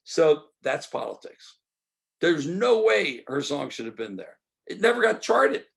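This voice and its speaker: Gravelly older man telling a story. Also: a little high, moderate pace. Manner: animated storytelling, acts out quoted dialogue. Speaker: interview guest. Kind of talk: storytelling interview.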